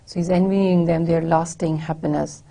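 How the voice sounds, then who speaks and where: A woman lecturing on a poem, reading lines aloud and explaining them slowly, often repeating and rephrasing herself. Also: deep voice, steady tone, warm tone. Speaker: university lecturer. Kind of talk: poetry lecture.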